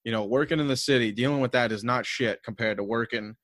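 A man's voice: mid-range voice, fast, fairly bright tone, dry recording, clean studio sound. A man with a Southern American accent hosting a casual podcast, telling stories in a rambling, profane way full of "like" and laughter. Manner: rambling, profane, filler-heavy storytelling with frequent laughs. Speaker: podcast host.

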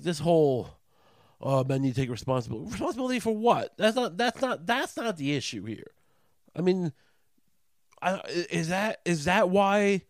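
A man on a sarcastic, profane comedic rant, his voice jumping high when he gets indignant. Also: darkish tone, no room sound.

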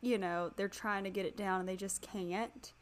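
A woman co-hosting a podcast, musing in slow, casual chat. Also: medium pitch, fairly even intonation.

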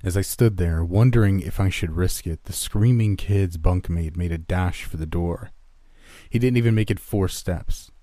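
Man, very deep voice, dark warm tone, grim horror narration, dry sound. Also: dry recording. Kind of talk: first-person horror narration.

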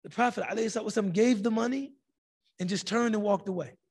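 A man teaching a religious class, telling a story in a lively way and acting out the people in it. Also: high-pitched, fast talker, husky. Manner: animated storytelling, acting out quoted voices.

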